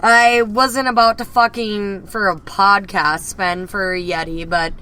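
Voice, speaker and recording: A woman's voice: medium pitch, fairly even intonation, measured pace, pushed and bright, slight background noise, poor audio. A drunk woman co-hosting a podcast, talking in a brash, profane way. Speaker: podcast co-host. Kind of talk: casual podcast chat. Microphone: spherical USB podcast mic.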